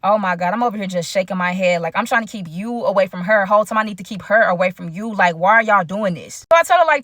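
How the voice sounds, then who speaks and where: Bright-voiced chatty young woman storyteller. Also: medium pitch, quick pace, few pauses, dry recording, clean studio sound. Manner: animated, chatty, slangy, talks straight to viewers. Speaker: storyteller vlogger. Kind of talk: casual storytime narration.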